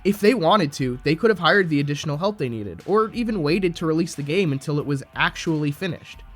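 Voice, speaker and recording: A man with a slightly high voice delivers scripted commentary, critical and sarcastic in tone. Faint music plays quietly underneath him. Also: animated, brisk. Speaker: video essayist.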